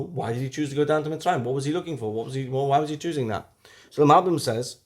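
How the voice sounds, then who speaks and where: With a medium-pitched voice, a man teaches the weekly Torah portion in a lively way. He asks rhetorical questions and moves from loud passages to hushed ones.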